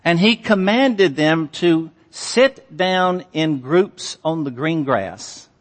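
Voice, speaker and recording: A man preaches in a slow, deliberate cadence, pressing each point with emphasis as he reads and explains scripture. His voice sits a little high for a man. It rings out with the long reverb of a church sanctuary. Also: lively intonation. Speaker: pastor. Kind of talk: sermon.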